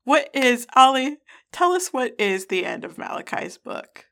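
A woman's voice: high-pitched, big pitch swings, measured pace, gravelly, fairly bright tone. A woman co-hosting a podcast, chatting casually about a book in a sarcastic, ranting way and swearing freely. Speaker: podcast co-host. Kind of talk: casual book-discussion chat.

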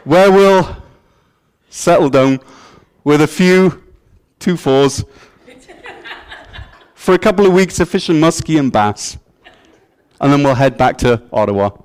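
A man's voice: fairly high pitch, lively intonation, a little slow, long pauses, darkish tone, clean tone, voice pushed down. A pastor doing a put-on Canadian accent, playing a laid-back outdoorsy man who chats casually about his weekend. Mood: folksy. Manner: folksy, casual bragging.

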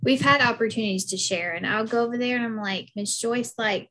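A woman's voice: on the high side, fast talker, a bit bright, a little hiss or hum. Chatty Southern woman guest. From South Carolina, US. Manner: chatty, many fillers and "like"s. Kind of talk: casual interview chat.

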